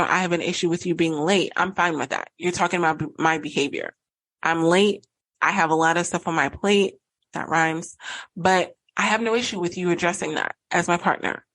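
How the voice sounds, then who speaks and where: A woman's voice: lowish voice, a bit bright, low-quality recording. A woman in her thirties hosting a solo podcast, talking earnestly and acting out both sides of a couple's argument. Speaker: podcast host and relationship coach.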